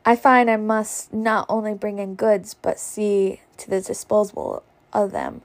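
A woman voicing a courtly, mocking gentleman in a storybook reading, speaking with formal politeness. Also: mid-range voice, level tone, measured pace, close to an everyday voice. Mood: mock-courteous. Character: smooth mocking gentleman blockade runner.

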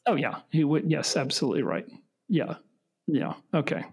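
Middle-aged dude hosting a podcast, husky voice, a bit high, keeps restarting his sentences, dry jokes. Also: expressive. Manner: halting, self-correcting, wry. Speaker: podcast host. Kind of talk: casual podcast chat.

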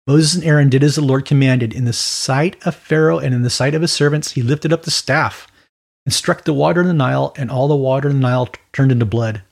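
A man preaching an informal Bible teaching in a conversational, animated way with quick asides. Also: mid-range voice, gravelly.

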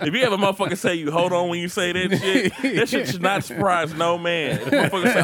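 A man's voice: high voice, quick pace, hardly any pauses, crowd noise. A man who is a comedian, ranting profanely and animatedly in casual chat.

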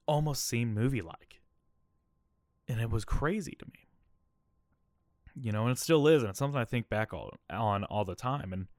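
Man around 30, podcast host, candid rambling storytelling, lowish voice, dry close sound. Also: dry recording. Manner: candid, rambling, keeps adding "all right?" and "okay?". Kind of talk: personal storytelling monologue.

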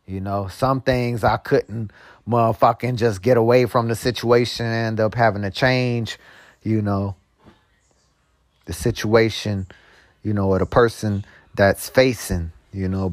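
A man talking in a loose, profane monologue full of street slang and filler asides. He drawls slowly and then breaks into quick, heated storytelling. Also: on the low side, fairly even intonation, no room sound. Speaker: host. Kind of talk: casual monologue.

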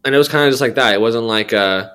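A man's voice: mid-range voice, quick pace, a bit bright, clean tone. A young adult man sharing his faith story as a podcast guest, rambling with slang and many fillers. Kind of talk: candid personal testimony.

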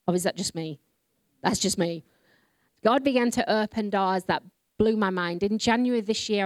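A woman's voice: mid-range voice, darkish tone, no echo. A woman from England with a Yorkshire accent, giving a sermon-style testimony to a congregation and telling her story in an earnest, self-deprecating way. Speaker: ministry leader speaking to a congregation.

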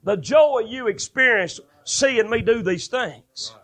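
A man preaches a fervent sermon. His voice is high and bright, and it climbs into shouted, ringing stretches. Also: expressive, slow. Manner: fervent, rising to shouted bursts.

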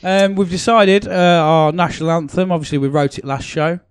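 A man's voice: a little high, fairly even intonation, normal speed, smooth, no echo, clean studio sound. A man hosting a casual comedy podcast, jokey and teasing, laughing often at his friends. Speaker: podcast host. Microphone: podcast microphone.

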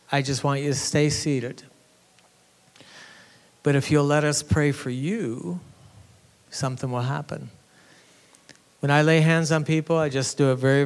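A man's voice: medium pitch, clear, resonant tone. A man pastor giving a conversational teaching sermon, telling a story with earnest restarts. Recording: reverberant hall.

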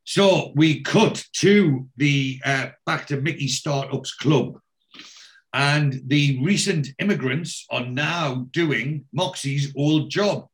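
A man's voice: on the high side, slow pace. A man casually retelling a TV episode, acting out the characters' lines between fillers and restarts. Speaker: podcast host recapping a TV episode.

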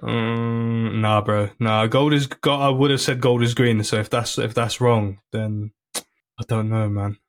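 A man, a comedian guest in a casual podcast chat, laid-back and quick to laugh. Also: mid-range voice, fairly even intonation.

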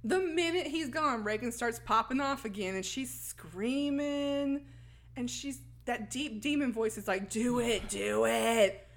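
Brief: woman podcast host, bright high-ish voice, loose storytelling recap, laughs a lot. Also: expressive, unhurried. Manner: laughs often, acts out lines while retelling. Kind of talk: casual plot recap chat.

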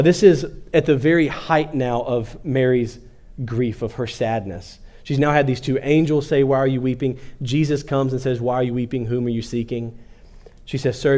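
A man delivering a sermon with a mellow, darker tone and a middle pitch. He talks to the congregation casually, pushing hard on key phrases and then easing down almost to a murmur. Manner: conversational preaching, rising to emphasis then dropping soft. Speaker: pastor.

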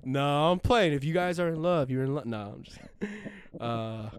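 A man's voice: on the high side, unhurried, clean tone. A young man co-hosting a podcast in casual chat, swearing freely, laughing often and acting out the people in his stories. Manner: animated, profane, laughs often, acts out quoted people. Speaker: podcast co-host.

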